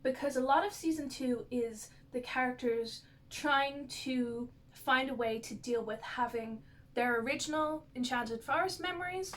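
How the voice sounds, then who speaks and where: A woman's voice: high voice, unhurried. A woman vlogger rambling through a casual recap of a TV show's plot, with lots of "like" and asides.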